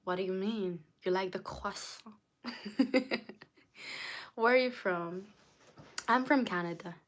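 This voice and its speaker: A woman's voice: medium pitch, takes it slowly, pauses often. A young woman from Africa chatting casually on a livestream, reading viewer comments aloud and answering them, with lots of "like". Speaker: livestream host.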